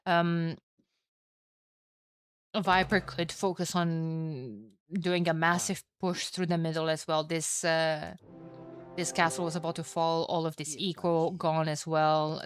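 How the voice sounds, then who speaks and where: A woman commentating a strategy game alone for her live chat, chatty and excitable, tired and with a headache. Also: low voice, a little slow. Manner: chatty, excitable, swears and laughs at herself. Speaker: esports caster.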